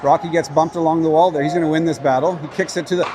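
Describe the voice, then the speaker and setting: Excitable man calling amateur hockey. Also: on the high side, very fast, few pauses, over loud music, a loud crowd. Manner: chatty, excitable, cheers for his team. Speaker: play-by-play commentator. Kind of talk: casual amateur hockey livestream commentary. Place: at a rink with a crowd.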